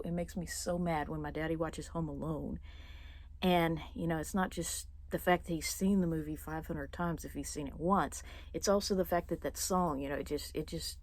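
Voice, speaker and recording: A young woman vlogging casually, rambling with many fillers and restarts and clearing her throat now and then. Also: low-pitched, a little mellow. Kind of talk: casual personal monologue.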